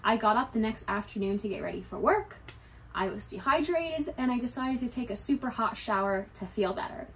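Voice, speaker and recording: A woman's voice: a little high, expressive, a little fast, fairly bright tone, a little hiss or hum. A young adult woman candidly telling a personal story to her vlog viewers, conversational and lightly humorous. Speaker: YouTuber.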